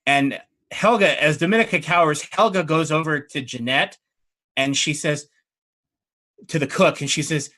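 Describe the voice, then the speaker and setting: A man narrating as dungeon master, relaxed and halting with fillers. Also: on the high side. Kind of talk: narrating a tabletop game.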